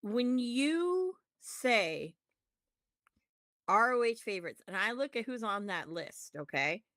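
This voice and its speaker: A woman co-hosting a podcast, ranting about wrestling in a profane, animated way. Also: a little high, takes it slowly, no echo, clean studio sound. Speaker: podcast co-host. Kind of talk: casual wrestling chat.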